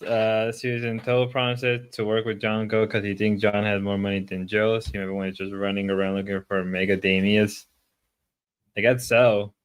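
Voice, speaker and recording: A man streaming while sick, chatting casually and rambling, with sudden loud outbursts. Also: lowish voice, monotone, normal speed, few pauses, clean tone.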